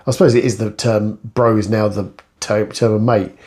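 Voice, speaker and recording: A man's voice: on the low side, flat delivery, moderate pace, a little mellow. A middle-aged man in a casual ranting monologue, blunt, profane and sarcastic. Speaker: vlogger.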